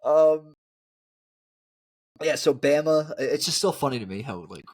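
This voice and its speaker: A man co-hosting a casual sports podcast, animated and quick to laugh, often talking over his partner. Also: fairly high pitch. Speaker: podcast co-host.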